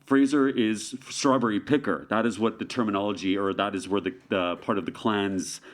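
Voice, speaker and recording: Low-voiced Canadian man, playful rambler. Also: fairly even intonation, normal speed. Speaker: guest street artist. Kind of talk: casual interview chat.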